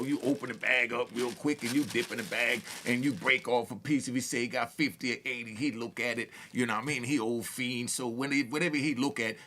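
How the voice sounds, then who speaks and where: A Harlem, New York man tells street stories in a relaxed, repetitive style, stammering through restarts and laughing along the way. His voice is medium in pitch and a bit bright.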